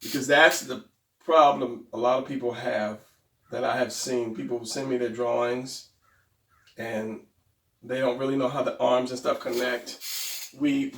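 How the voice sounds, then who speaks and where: A man's voice: medium pitch, gravelly. A man teaching anatomy drawing in a casual, rambling way, thinking aloud as he sketches. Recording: roomy, mic far from speaker.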